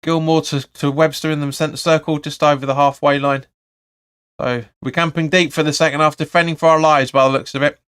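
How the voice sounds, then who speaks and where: Smooth-voiced man commentating live. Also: on the high side, level tone, fairly quick, fairly bright tone. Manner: chatty play-by-play, reads viewer comments, blunt opinions. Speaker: fan channel host. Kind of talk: live match watch-along commentary.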